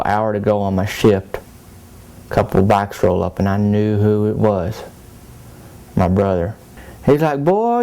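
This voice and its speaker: A man's voice: lowish voice, warm tone. Folksy man telling a tale. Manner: folksy drawling Southern country talk. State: soaked and cold. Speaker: comedic character monologue. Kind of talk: rambling small-town storytelling.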